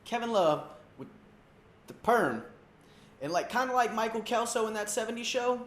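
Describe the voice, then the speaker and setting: High, lively male sports ranter. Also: moderate pace. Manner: loose, slangy, mocking, rambling. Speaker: comedy sports show host. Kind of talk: comedic sports rant. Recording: roomy echo.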